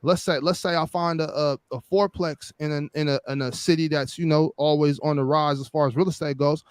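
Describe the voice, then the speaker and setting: A man's voice: on the high side, fairly even intonation, fairly quick, smooth, no room sound, clean studio sound. Stumbling, explaining man in his thirties. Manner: explains step by step, many restarts and stumbles. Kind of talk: casual podcast chat.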